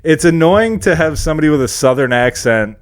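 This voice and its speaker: A man's voice: fairly high pitch, animated, brisk. A young man chatting casually on a podcast, joking, laughing often and swearing casually. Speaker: podcast co-host. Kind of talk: casual chat.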